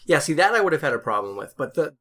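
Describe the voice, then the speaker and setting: A man's voice: fairly high pitch, sing-song, very fast, a bit bright. A man from the Boston area co-hosting a podcast, chatting casually and rambling with fillers. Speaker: podcast co-host. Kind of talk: casual chat.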